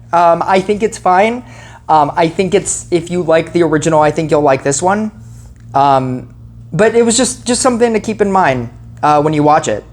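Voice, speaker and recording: Female film reviewer, slightly low voice, casual and rambling, filler-heavy. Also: a little mellow. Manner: rambling, heavy on "like" and "you know", self-correcting.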